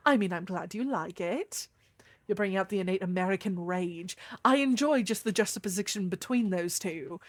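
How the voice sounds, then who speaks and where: A young adult woman streamer chatting casually with her viewers, swearing freely, with a deeper voice than most women. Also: expressive, moderate pace. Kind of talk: casual live-stream chat.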